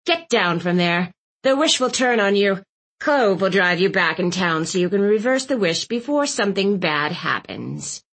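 A woman's voice: medium pitch, lively intonation, moderate pace, fairly bright tone. A woman voicing a bossy, blunt elderly aunt who barks her words with scorn. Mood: scornful. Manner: barking, scornful.

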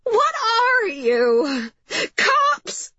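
A woman voicing a frantic, overprotective older mother who cries out in a shrill voice. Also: huge pitch swings, very slow, bright, forceful tone, no room sound, heavily acted. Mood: frantic shrieking. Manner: shrill, crying out. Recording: slightly muffled recording.

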